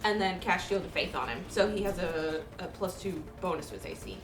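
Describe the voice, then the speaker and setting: A woman's voice: fairly low pitch, expressive, fairly quick, reverberant, music in the background. A woman playing in a tabletop game, chatting her character's moves with some hesitation and joking around. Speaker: player.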